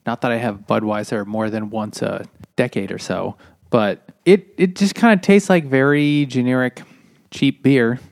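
A man's voice: medium pitch, normal speed, gravelly, a little mellow, dry recording, clean studio sound. A man co-hosting a podcast in casual chat, wry and laid-back. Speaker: podcast co-host.

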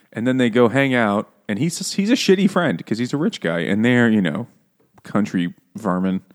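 A man's voice: mid-range voice, expressive, unhurried. A man co-hosting a podcast, joking crudely and playfully while recapping a book. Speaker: podcast co-host. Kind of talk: casual book discussion.

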